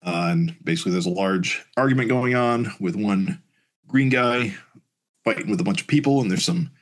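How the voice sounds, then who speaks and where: A man's voice: lowish voice, normal speed. A man hosting a podcast, casually reading a comic aloud with plenty of fillers. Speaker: podcast host.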